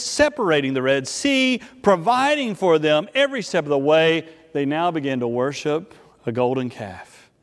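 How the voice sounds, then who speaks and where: Methodist pastor preaching in a reverberant hall. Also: male voice, fairly high pitch. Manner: storytelling with playful asides. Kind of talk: sermon.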